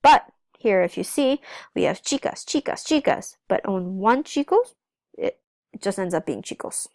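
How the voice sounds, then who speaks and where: Woman teacher, patient step-by-step explainer, mid-pitched voice, dry close recording. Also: expressive, moderate pace, a little mellow, dry recording. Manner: explains step by step, checks in with "okay?"; switches between English and Spanish. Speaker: Spanish teacher. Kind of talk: recorded classroom lesson.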